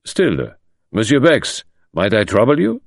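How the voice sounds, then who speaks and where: Man doing a pompous older French magistrate, gravelly, stern and formal, storybook reading. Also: on the low side, wildly swooping pitch, unhurried, no echo, voice pushed up, full character voice.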